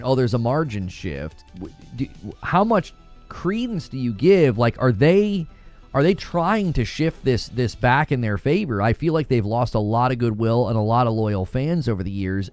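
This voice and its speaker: A man's voice: mid-range voice, a little mellow. A man hosting a casual podcast discussion, asking curious questions and often restarting his words. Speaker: podcast host.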